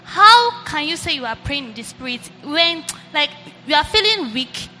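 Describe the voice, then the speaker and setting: High-voiced woman asking a hesitant question. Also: sing-song, bright, forceful tone. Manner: hesitant, halting phrasing. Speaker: congregation member asking a question. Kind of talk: question from the floor. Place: church hall. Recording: reverberant hall with faint ambience.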